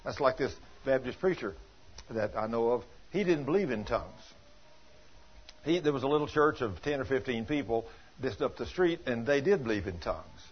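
Folksy preacher guy telling stories in a sermon, husky voice, kinda dull lo-fi recording. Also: medium pitch, moderate pace. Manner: folksy, animated, retells dialogue. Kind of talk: sermon storytelling.

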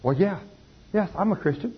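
A man's voice: sits high, lively intonation, normal speed, husky, pitched above the performer's own voice, heavily acted. A man voicing a desperate young mother who pleads. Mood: pleading. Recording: dull lo-fi recording.

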